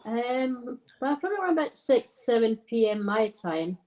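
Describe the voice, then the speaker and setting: A woman's voice: on the high side, sing-song, moderate pace, a loud crowd, poor audio. A Danish woman with a Scottish accent, chatting as a guest on a live stream in a friendly, slightly hesitant way. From Denmark. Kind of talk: casual chat on a live stream.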